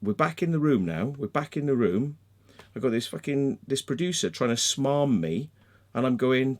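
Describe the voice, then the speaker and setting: In this heated vlog monologue, a man speaks at a normal pace in an expressive, mid-range voice. He mocks and swears his way through an angry, sarcastic rant to his audience, tacking "yeah?" or "right?" onto the end of his points.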